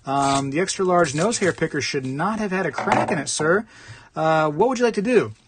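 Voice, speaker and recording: A man's voice: on the high side, expressive, moderate pace, noisy background, close to an everyday voice. Man putting on a raised, prissy seller voice, overly polite. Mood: defensive. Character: polite, defensive male online seller.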